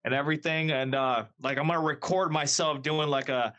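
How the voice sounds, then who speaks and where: Bright, slangy podcast bro. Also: male voice, on the high side, steady tone, fairly quick, dull audio. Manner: loose, slangy, says "bro" and "dude". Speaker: podcast co-host. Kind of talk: casual chat.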